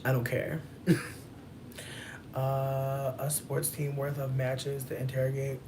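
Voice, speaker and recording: A chatty, profane, playful woman in her thirties answers chat on a casual livestream, drawing out words for emphasis. Her voice rumbles low with a completely flat delivery, and there's background noise.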